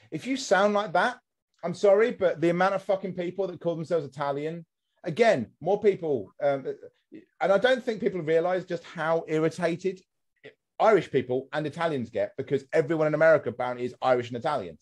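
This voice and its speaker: A man hosting a podcast in an easy, chatty way. His voice sits a little high for a man, and he swears freely as he rants with comic exasperation. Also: a little fast. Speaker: podcast host. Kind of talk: casual podcast chat.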